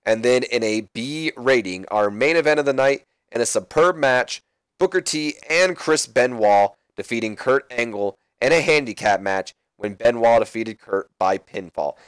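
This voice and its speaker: A man talks through a game in a loose, rambling way, wandering off into asides as he goes. His voice sits in a middle pitch. The recording is dry and close. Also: moderate pace, smooth, no echo. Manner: rambling, offhand. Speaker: game commentator. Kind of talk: casual gameplay commentary.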